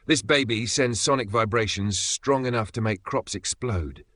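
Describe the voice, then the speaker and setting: A man's voice: medium pitch, normal speed, a bit bright, dry recording, natural voice. A man voicing a cheerful male gadget inventor with eager, chirpy salesman patter. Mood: gleeful.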